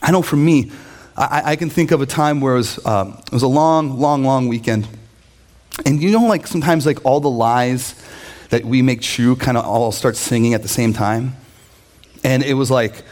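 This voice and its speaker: A middle-aged man, a pastor, preaching a sermon with animated storytelling and mocking voices for quoted characters. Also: mid-range voice, normal speed.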